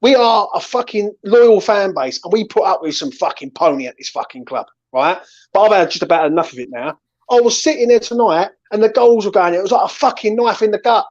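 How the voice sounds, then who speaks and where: Ranting football fan. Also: male voice, high-pitched, lively intonation, a little fast. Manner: ranting, swearing, keeps saying "right?" and "mate". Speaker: fan channel host. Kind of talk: angry post-match fan chat. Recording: slightly dull lo-fi sound.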